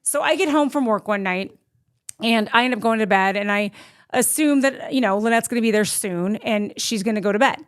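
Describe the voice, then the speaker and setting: Animated woman telling a story. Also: fairly high pitch, a little fast, clear, resonant tone. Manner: animated, acts out her own past lines. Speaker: guest storyteller. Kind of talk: casual storytelling chat.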